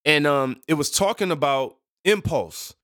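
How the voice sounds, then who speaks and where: A man's voice: a little high, unhurried, fairly bright tone, no room sound, clean studio sound. A man hosting his own podcast, talking casually on his own, rambling and correcting himself with playful asides. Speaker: podcast host. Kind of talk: casual solo podcast talk.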